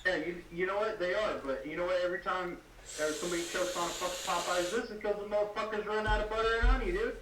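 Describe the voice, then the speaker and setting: A man's voice: high voice, fast, recorded from a distance. Foul-mouthed ranting man in an echoey room. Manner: heated, swears constantly, laughs while ranting. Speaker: podcast co-host. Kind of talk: casual profane ranting chat. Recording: echoey room, off-mic, noisy background.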